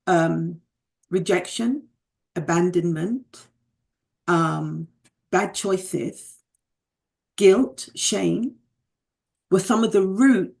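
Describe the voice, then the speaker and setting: A woman's voice: lowish voice, gravelly, a little mellow. A middle-aged British woman, a guest from the United Kingdom, telling her personal story in a reflective, candid way, with remarks about faith.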